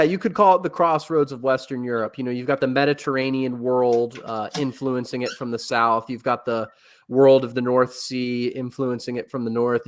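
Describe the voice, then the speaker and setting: Rambling, enthusiastic man lecturing about books. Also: medium pitch. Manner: rambling, with frequent restarts and filler words. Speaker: podcast guest. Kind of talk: casual chat.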